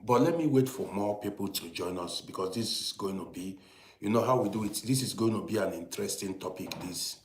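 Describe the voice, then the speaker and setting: An older man hosting a casual morning live stream, chatting and greeting viewers, often pausing and restarting. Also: fairly low pitch, echoey room, slight background noise.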